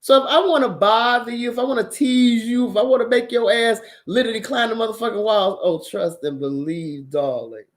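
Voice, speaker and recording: A woman speaks casually to her viewers as the host of her own show. She gives dating advice in a blunt, animated way, swears freely and often breaks into laughter. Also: a little high, a little fast, hardly any pauses.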